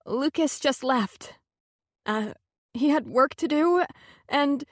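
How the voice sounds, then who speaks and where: Tearful young heroine, halting and broken, higher and slow, read by the woman narrator. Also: lively intonation, no echo, studio quality.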